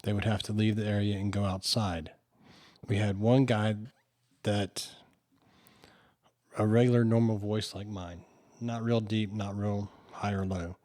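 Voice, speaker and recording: A man with a low-pitched voice, a guest who tells a story plainly and matter-of-factly. His manner is conversational and unhurried. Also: level tone, darkish tone.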